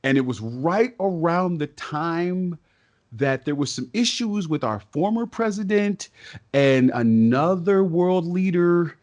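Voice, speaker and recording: A man, a stage and voice actor, telling stories as a podcast guest in an excitable, talkative way. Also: fairly high pitch. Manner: talkative and excitable, quick bursts and restarts. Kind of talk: casual podcast interview storytelling.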